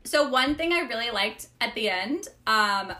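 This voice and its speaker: A woman co-hosting a podcast, talking over a book series in an unhurried, thoughtful way with a few "um"s. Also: on the high side, animated, sharp tone. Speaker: podcast co-host. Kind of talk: casual book discussion.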